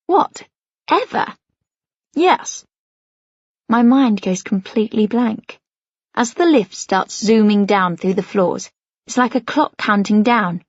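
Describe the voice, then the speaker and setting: A woman narrating an audiobook in the first person, in a light, youthful and expressive way. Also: medium pitch, a little slow, no room sound. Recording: dull, lo-fi dry audiobook recording.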